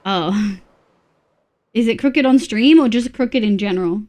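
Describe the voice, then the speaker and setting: A young woman chatting casually on a live game stream, bubbly and quick to laugh as she reads her chat aloud. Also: medium pitch, a little mellow. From Australia. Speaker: VTuber streamer.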